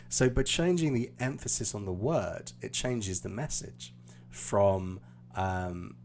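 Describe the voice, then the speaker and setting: Slow gravelly British teacher. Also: male voice, on the low side, darkish tone, slight background noise. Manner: explaining patiently, hesitant fillers. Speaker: IELTS teacher. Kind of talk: live stream lesson.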